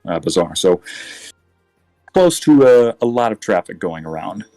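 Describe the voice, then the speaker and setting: A male game master with a fairly low voice, narrating a tabletop game in a relaxed way and often stopping to correct himself. His voice is close and dry, with faint background music. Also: measured pace, no room sound. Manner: relaxed, with frequent filler and self-corrections.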